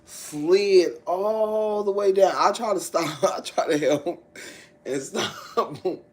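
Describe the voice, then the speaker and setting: Slow-talking woman chatting on a livestream. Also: fairly low pitch, a little hiss or hum, low-quality recording. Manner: animated storytelling with frequent laughter. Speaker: livestream host. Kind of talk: casual livestream chat.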